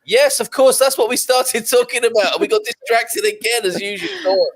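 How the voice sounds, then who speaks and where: A man's voice: very high-pitched, fairly even intonation, moderate pace. A middle-aged man hosting a casual live stream, joking and reading out viewer comments. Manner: jokey, reads out viewer comments. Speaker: show host.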